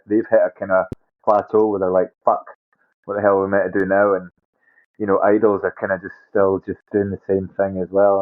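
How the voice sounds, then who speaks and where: Glaswegian man, low and blunt, sweary, tinny phone-line sound. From Scotland. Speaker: band member. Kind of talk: casual interview chat.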